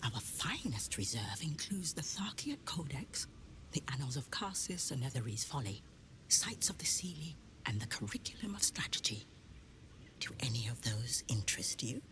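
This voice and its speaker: Hushed, guarded bookseller in whispered role-play, low-pitched, lively contour. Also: female voice, background noise. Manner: slow, conspiratorial, warning. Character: guarded, secretive female bookseller of dangerous tomes.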